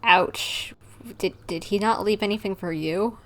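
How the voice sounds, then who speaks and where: A woman's voice: medium pitch, a little hiss or hum. A woman streamer reading and commenting casually over a video game. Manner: casual, quick asides. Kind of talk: casual let's-play commentary.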